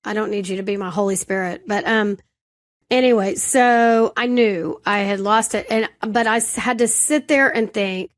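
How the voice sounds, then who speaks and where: A woman co-hosting a podcast, telling a personal story in casual chat, animated and self-deprecating. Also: medium pitch, normal speed. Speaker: podcast co-host.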